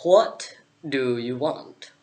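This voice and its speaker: A woman doing a slow, curt vaping caterpillar. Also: rumbling low, animated, dark tone, heavily acted. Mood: aloof.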